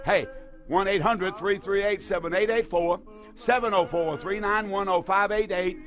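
High-voiced emphatic radio pastor man. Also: moderate pace, fairly bright tone. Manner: emphatic, repeats key phrases. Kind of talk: radio call-in preaching.

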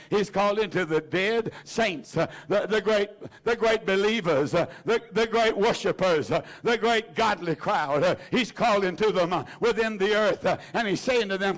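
Fervent high-voiced male preacher. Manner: fervent, drawn-out emphasis with many "uh" fillers and rising shouts. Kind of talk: sermon.

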